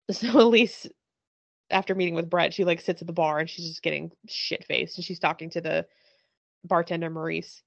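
A woman with a gravelly, fry-edged voice chats loosely about a TV show, laughing often and telling the scenes with lots of swearing. The recording sounds dull and lo-fi, with a dry, close sound and no room around it. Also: on the low side, steady tone, moderate pace, no room sound. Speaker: podcast host. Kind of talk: casual chat recapping a TV show.

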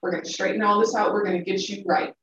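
Woman putting on a gentle southern mentor lady, soft and quiet, distant roomy sound. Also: medium pitch, fairly even intonation, fast talker, dull audio, heavy background noise, close to an everyday voice. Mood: soothing.

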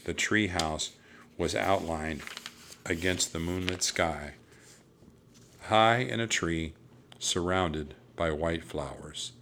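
A man narrating a children's storybook aloud in a steady, even storytelling voice. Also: deep voice, slow pace, pauses often, a little hiss or hum.

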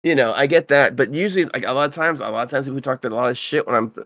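A man co-hosting a casual podcast, telling rambling, profane gaming stories and getting animated when he quotes people. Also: medium pitch, racing, no echo. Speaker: podcast co-host.

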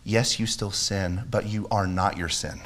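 A pastor preaches an earnest, emphatic sermon with repeated phrases, ending in a prayer that grows in intensity. His voice is lowish and a bit bright, with fairly even intonation and a slightly slow pace.

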